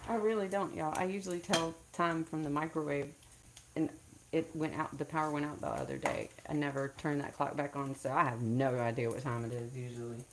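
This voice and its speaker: Chatty woman cooking in her kitchen. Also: deep voice. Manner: chatty, addresses viewers as y'all. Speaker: cooking vlogger. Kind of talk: casual live cooking chat. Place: home kitchen. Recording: frying noise behind voice. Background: sizzling frying food.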